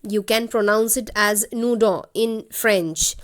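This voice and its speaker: A woman's voice: high voice, animated, slow pace, fairly bright tone. A woman teacher with an Indian English accent, reading a short story aloud and retelling each part in simple words for students. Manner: reads a passage, then retells it in simple words.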